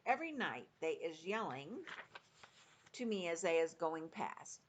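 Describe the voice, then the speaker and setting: A woman's voice: on the low side, big pitch swings, measured pace, slight background noise. A woman voicing a kindly big friendly male giant who talks in mangled grammar with made-up words.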